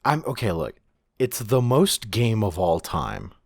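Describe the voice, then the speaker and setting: A low-pitched man drawls through a laid-back podcast chat, piling on restarts and tossing in the occasional curse. His voice sits close and dry, with no room sound at all. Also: lively intonation, unhurried, creaky, no echo. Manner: rambling, swears casually, many restarts. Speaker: podcast co-host.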